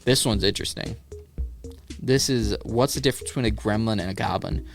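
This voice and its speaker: Man, podcast host, low gravelly voice, sarcastic and profane, casual solo chat. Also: brisk, soft background music.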